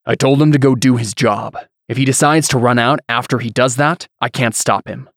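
A man's voice: mid-range voice, normal speed, dry recording, clean studio sound, close to an everyday voice. A man voicing a proud blacksmith who speaks curtly and defensively, barely holding his temper. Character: tense, proud middle-aged blacksmith.

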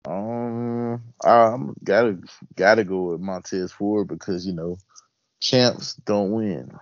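A man with a lowish voice who chimes in with brief, easygoing takes on the wrestling card. The sound is dry and close, and the audio is dull. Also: steady tone, takes it slowly, dry recording. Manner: short laid-back reactions. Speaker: podcast co-host. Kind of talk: casual wrestling recap chat.

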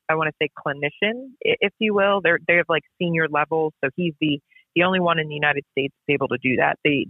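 Over a tinny phone line, a female basketball referee shares stories as a podcast guest, speaking emphatically and repetitively in a casual interview. Her voice is deep and the recording is dry.

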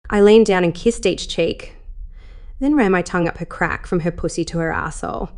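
A woman narrating a first-person adult story in a slow, sultry reading. Her voice sits on the low side of the usual range for women. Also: darkish tone.

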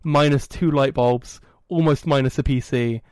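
A man hosting a podcast, telling a story in a casual, animated and self-mocking way. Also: mid-range voice, normal speed, smooth, no room sound. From England. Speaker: podcast host. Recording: dry, poorly set up audio.

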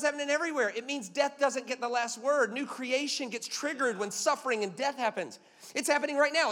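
A man's voice: extremely high pitch, a bit bright, big-room sound. A man preaching a sermon as a pastor, emphatic and punchy, telling stories with jokes.

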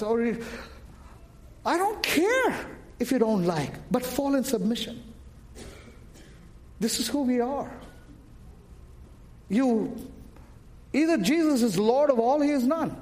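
A male preacher delivers a sermon in a high voice that rises to shouts and drops low again. He calls questions straight to the congregation and keeps them answering.

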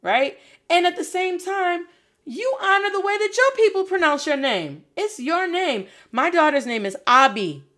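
A woman's voice: very high-pitched, animated, moderate pace, fairly bright tone. A woman coaching learners in a casual video lesson, encouraging and dropping Spanish phrases into her English.

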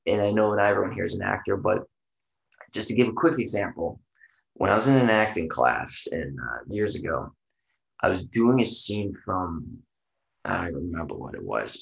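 A man with a low, gravelly voice rambles through a casual podcast chat, loose and profane and full of "you know"s. The sound is roomy, with a clear echo off the walls. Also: expressive, normal speed.

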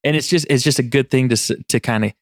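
A man from Montana co-hosting a podcast, telling a story in a casual, laughing way and slipping into quick impressions. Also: mid-range voice, dry recording, studio quality. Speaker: podcast co-host.

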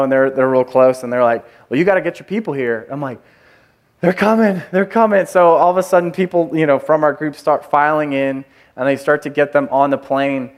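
Animated man preaching a casual sermon. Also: on the high side. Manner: conversational, animated storytelling with many fillers. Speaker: pastor. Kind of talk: sermon with personal story.

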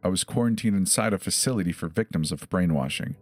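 A man telling a horror story in a measured, grave first-person narration. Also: low voice, no room sound. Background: faint music.

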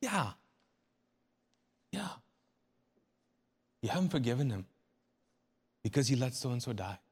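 A man's voice: medium pitch, a little fast, a little mellow, breathy edge. A man preaching a sermon as a pastor, speaking earnestly and conversationally, often repeating and restarting phrases.

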